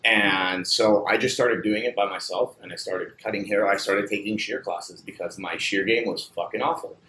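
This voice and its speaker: A man's voice: on the low side, steady tone, normal speed, bright, forceful tone, slight background noise. A man who owns a barbershop and trains an apprentice, chatting casually in a loose, profane way with lots of filler. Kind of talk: casual chat. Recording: roomy recording with faint ambience.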